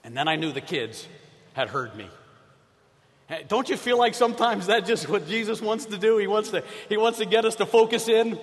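A man's voice: high-pitched, animated, moderate pace. A middle-aged man preaching a sermon as a missionary, telling stories and leading the congregation in call-and-response. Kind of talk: sermon with storytelling. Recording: long hall reverb.

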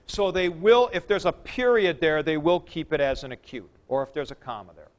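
A man's voice: fairly high pitch, very animated, fairly quick. A man teaching ancient Greek accents in a classroom lecture, explaining step by step with spoken examples.

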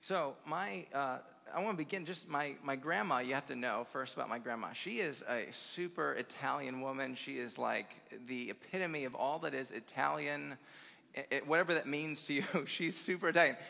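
Bright, gravelly young man preaching in a hall. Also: medium pitch, normal speed. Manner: animated, humorous, speeds up as the jokes build. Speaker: conference speaker, pastor. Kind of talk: storytelling sermon to a youth conference. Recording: long reverb of a large hall.

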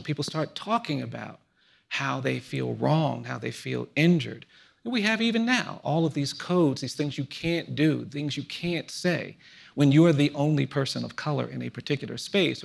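A man in his fifties speaking earnestly in a reflective conversation, telling personal stories in a measured way that often drops to a hushed, low voice. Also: vocal fry, husky. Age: 50s. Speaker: guest speaker.

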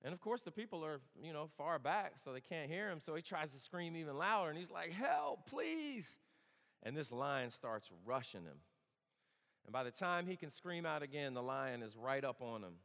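In a hall with long reverb, a campus worship speaker in his thirties preaches through stories, his voice a little high, expressive, brisk and fairly bright. The tone is earnest and conversational, lightened by bits of humor.

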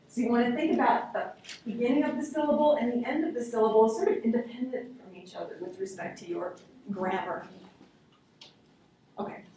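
A woman's voice: on the high side, a little mellow. A woman teaching a linguistics class, explaining ideas and answering student questions. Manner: explanatory, answers questions, repeats examples aloud. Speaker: linguistics instructor. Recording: echoey classroom captured from a distance.

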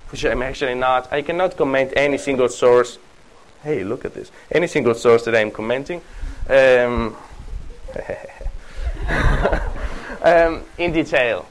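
Recorded with poor audio quality, a man with a mid-range voice and an Italian accent lectures on classics at a university. His delivery wanders, full of restarts, self-corrections and little laughs.

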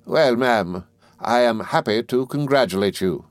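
A man voicing a mild, timid doctor who speaks softly and deferentially. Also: on the low side, animated, moderate pace, no room sound, natural voice. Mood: meek soothing. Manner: soft, soothing, deferential.

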